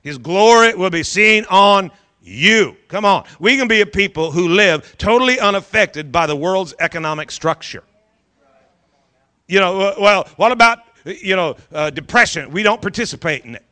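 A man's voice: high voice, expressive, normal speed, pushed and bright. A man preaching a sermon as pastor to a congregation, fervent and urging, repeating phrases for emphasis.

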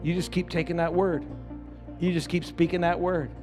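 A high-pitched male pastor preaching in a church, his voice carrying through a long, echoing hall. He circles back on his phrases and climbs into shouting, with soft music under him. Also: flat delivery, normal speed. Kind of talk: sermon.

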